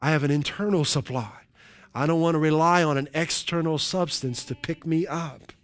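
A man preaching with a lively, somewhat high-pitched voice. He keeps up a sermon full of hallelujahs and quick jokes to the room, checking in with "right?" between points. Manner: jokey asides to the congregation. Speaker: pastor.

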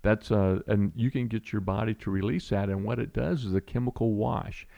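Casting: middle-aged male storyteller, gravelly low voice, lively. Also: moderate pace, highs cut off. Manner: animated storyteller, acts out voices, restarts often. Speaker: guest telling a personal story. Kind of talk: conversational storytelling.

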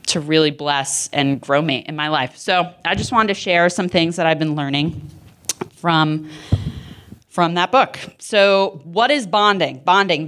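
A woman in her thirties leads a Bible talk for a student group, with a lowish voice for a woman. She keeps it chatty and interactive, often stopping to ask the room questions. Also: fairly bright tone. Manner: chatty and audience-engaging, asks questions. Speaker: campus ministry staff speaker.

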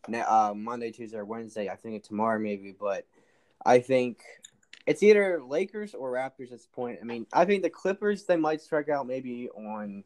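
Dude on a sports talk, medium voice, opinionated, keeps restarting. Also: male voice, medium pitch, lively intonation, moderate pace, darkish tone. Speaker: guest. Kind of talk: casual sports chat.

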